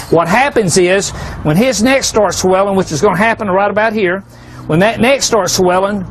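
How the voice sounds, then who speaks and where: A man's voice: sits high, a little hiss or hum. A man giving a folksy, joking hunting seminar, peppering a live audience with rhetorical questions.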